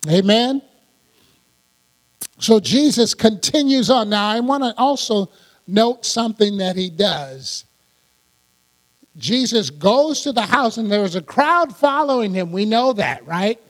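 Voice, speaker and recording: High-voiced, unhurried male preacher. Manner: animated, laughs often, acts out quotes. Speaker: pastor. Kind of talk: sermon. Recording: long hall reverb.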